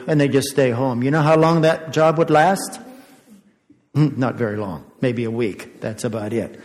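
A man's voice: mid-range voice, moderate pace, a little mellow. An older man giving a children's sermon as pastor, chatty, asking the kids questions and chuckling often. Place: church sanctuary. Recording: echoey church sanctuary.

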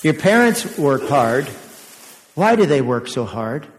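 In a church sanctuary with a long, ringing echo, an older male pastor delivers a children's sermon, chatty and full of questions, with an occasional chuckle. His voice sits a little high for a man and is sing-song and slow.

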